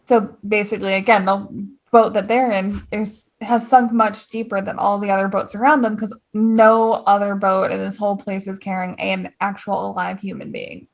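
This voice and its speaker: A woman's voice: medium pitch, flat delivery, normal speed, vocal fry, hardly any pauses. A woman co-hosting a casual podcast, reading lines from an old poem and retelling them in slangy everyday words. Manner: reads verses, then retells them in slangy paraphrase. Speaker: podcast co-host.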